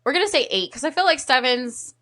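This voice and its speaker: A woman's voice: high voice, fast. Candid woman in her thirties telling stories. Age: 30s. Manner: candid, animated storytelling, heavy swearing. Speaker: podcast guest. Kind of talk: casual chat.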